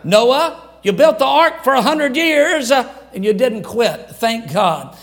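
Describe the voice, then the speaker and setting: A man's voice: very high voice, expressive, slow pace, fairly bright tone. An older man from Louisiana preaching a sermon in an emphatic, repetitive cadence. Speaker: pastor.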